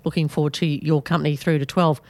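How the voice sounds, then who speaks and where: An Australian woman hosts a sports talk show on local radio, her voice sitting a little low for a woman. She chats loosely, with plenty of fillers and restarts. Her voice is recorded close and dry on a studio mic. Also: little pitch movement, fast talker, no room sound. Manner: chatty, with frequent fillers and restarts.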